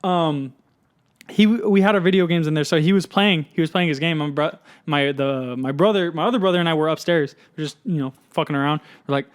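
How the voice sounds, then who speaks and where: Young dude on a podcast, chill, cussing a lot, kinda high voice, telling a story to his buddy. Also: fairly quick, clean tone. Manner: laid-back, swears a lot, laughs while telling stories. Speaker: podcast co-host. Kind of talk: casual storytelling chat.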